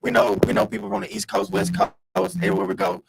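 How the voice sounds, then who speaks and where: A man's voice: high voice, level tone, quick pace, gravelly, very noisy. A man co-hosting a podcast, chatting loosely and rambling, often repeating his words. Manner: loose, rambling, repeats words, says "you know what I mean". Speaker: podcast co-host. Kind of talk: casual group chat.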